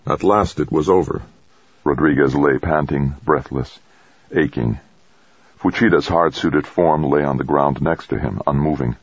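A man narrating an audiobook in an even, measured storytelling manner. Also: very deep voice, slightly rough, no room sound, muffled recording. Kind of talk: scripted narration.

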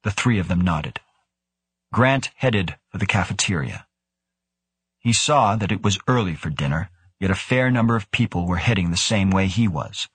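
A male audiobook narrator reads in a steady, measured way, with a low and slightly husky voice. The recording is dry and close, with no room sound. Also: no echo. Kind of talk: scripted narration.

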